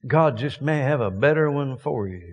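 Folksy, lively preacher in a reverberant hall. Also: male voice, mid-range voice, moderate pace. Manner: folksy, joking, emphatic. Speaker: visiting preacher. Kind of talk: sermon.

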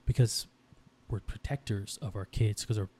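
This podcast co-host's pitch is fairly low, his tone mellow with a breathy edge, and he speaks at a normal speed. In his thirties, he rambles intensely about his daughters, frequently starting his sentences over.

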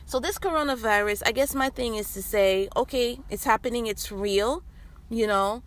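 A woman's voice: fairly high pitch, moderate pace. Chatty, rambling woman podcaster. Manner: chatty, rambling, many fillers and restarts. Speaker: podcast host. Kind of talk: casual health talk.

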